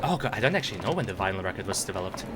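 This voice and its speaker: A man's voice: sits low, sing-song, very fast, over loud music. A man streaming a game, rambling and swearing casually as he thinks aloud. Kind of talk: casual gameplay commentary.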